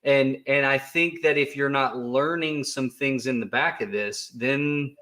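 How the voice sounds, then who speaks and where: A man's voice: mid-range voice, measured pace, bright, forceful tone. A man co-hosting a livestream, chatting casually in a joking, rambling way with many restarts. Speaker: co-host of a crypto livestream.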